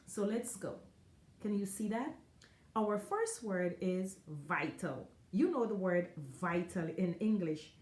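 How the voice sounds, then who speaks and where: A woman who teaches Spanish, giving a careful online lesson and repeating each word slowly for the learner. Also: medium pitch, animated, darkish tone, reverberant. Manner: slow, careful, encouraging, repeats words.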